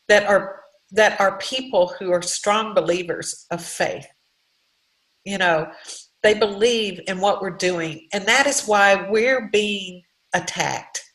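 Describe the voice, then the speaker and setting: A woman's voice: mid-range voice, fairly bright tone, reverberant, poor audio. Earnest woman giving a heartfelt pep talk. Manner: earnest, heartfelt, preachy, with halting restarts. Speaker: guest speaker, direct sales leader. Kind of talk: motivational faith-based talk.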